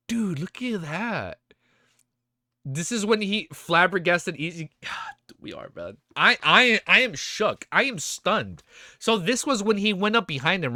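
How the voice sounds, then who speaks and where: A man live-streaming his reactions, excitable and hyped, with casual slang and swearing. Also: sits high, no room sound, clean studio sound. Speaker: streamer reacting to a web novel.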